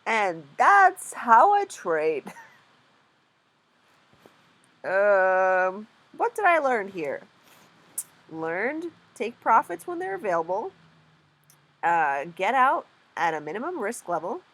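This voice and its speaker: A woman's voice: mid-range voice, very animated, takes it slowly, long pauses, a bit bright. A young woman vlogging while day trading, rambling, swearing and laughing at herself in casual chat.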